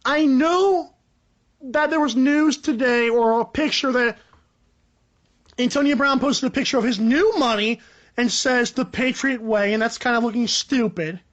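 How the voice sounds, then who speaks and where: A young man hosting a solo sports podcast, ranting in a rambling, animated, joking way. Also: unhurried, dull audio. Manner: animated, rambling, joking, pitch jumps up for emphasis. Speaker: podcast host.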